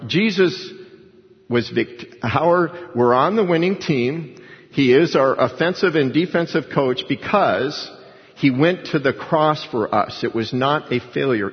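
A man preaching a sermon in an emphatic, conversational storytelling way. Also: mid-range voice. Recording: dull sound with long hall reverb.

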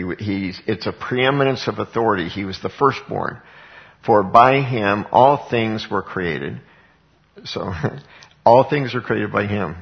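A man's voice: lowish voice, highs cut off. A man teaching from the Bible in an informal, emphatic way, asking rhetorical questions and answering them himself. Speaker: street evangelist and Bible teacher.

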